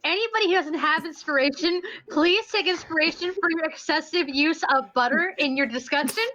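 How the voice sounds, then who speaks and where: A woman's voice: high voice, fairly quick, bright, forceful tone, slight background noise. A woman running a tabletop game as game master, giggly and easily flustered. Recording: dull lo-fi.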